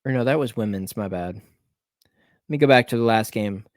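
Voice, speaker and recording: A man at an ordinary middle pitch talks through his betting picks in a loose, rambling way. He thinks aloud, stops to check scores and corrects himself as he goes. His voice sounds close and dry, with no room around it. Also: moderate pace, dry recording. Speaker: sports betting picks host. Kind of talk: casual solo picks rundown.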